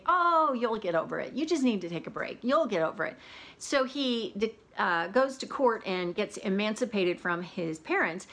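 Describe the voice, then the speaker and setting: A woman's voice: mid-range voice, fairly bright tone. Chatty woman reviewing audiobooks. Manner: chatty, with many fillers like "you know". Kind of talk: casual vlog chat.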